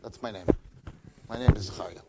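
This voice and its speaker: A middle-aged rabbi telling an inspirational story in a chatty, informal way, acting out the dialogue and building to excited peaks. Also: male voice, lowish voice, brisk, very noisy.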